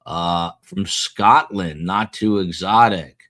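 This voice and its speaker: A man with a low, deep voice hosts a live-stream show in a relaxed, conversational way. He reads viewer comments aloud with animated energy. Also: slow. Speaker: livestream show host.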